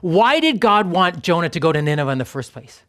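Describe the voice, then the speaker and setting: A man's voice: a little high, big pitch swings, a little fast, a bit bright. A male pastor preaching a sermon in a conversational, emphatic way, sometimes dropping to a near whisper on key points.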